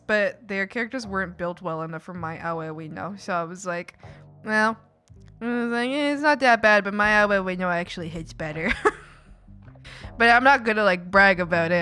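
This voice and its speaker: A woman's voice: medium pitch, bright, forceful tone. A young woman streaming and chatting casually with viewers, rambling, restarting sentences and giggling often. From Canada. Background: faint background music.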